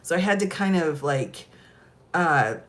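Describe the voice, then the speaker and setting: A middle-aged American woman telling stories in a casual chat, laughing often and animated. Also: deep voice, a little slow. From United States. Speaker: host.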